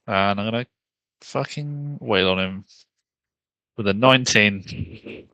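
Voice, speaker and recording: Deep gravelly man playing a tabletop game. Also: takes it slowly, pauses often, sharp tone, no room sound. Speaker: player. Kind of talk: casual tabletop play.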